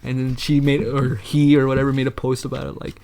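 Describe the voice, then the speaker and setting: Gravelly young man telling rambling stories. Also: mid-range voice, monotone, fairly quick, dark tone. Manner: rambling storytelling, laughs often, swears a lot. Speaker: podcast co-host. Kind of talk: casual chat.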